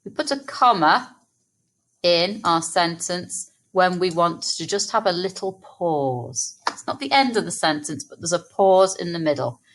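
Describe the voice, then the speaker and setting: A woman teaching young children phonics, sounding out words slowly and clearly. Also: lowish voice, animated, slight background noise. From England. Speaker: primary school teacher. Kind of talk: early-years phonics lesson.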